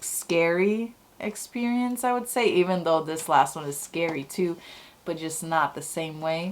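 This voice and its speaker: A young woman vlogger chatting to camera, telling personal stories in a casual, excitable way full of fillers. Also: lowish voice. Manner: chatty, many "like"s and "oh my God"s. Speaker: YouTube vlogger.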